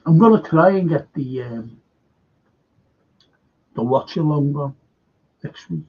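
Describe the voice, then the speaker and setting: Slow-talking husky man hosting a stream. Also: fairly high pitch, lively intonation. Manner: reads out viewers' comments and replies chattily. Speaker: host of a fan live stream. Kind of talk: casual live-chat reading. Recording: dull lo-fi stream audio.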